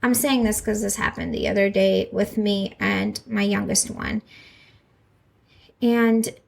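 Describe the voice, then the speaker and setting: A woman's voice: mid-range voice, fairly even intonation, slow, gravelly, darkish tone, slight background noise. A woman in her thirties hosting a solo parenting podcast, talking earnestly and reassuringly and asking listeners questions. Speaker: podcast host, mother.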